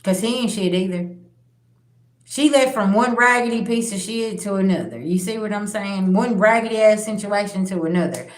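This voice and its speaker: A woman's voice: medium pitch, normal speed. A woman hosting her spiritual channel, telling personal stories bluntly and with plenty of profanity, speaking straight to her viewers. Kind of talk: candid personal storytelling. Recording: roomy echo.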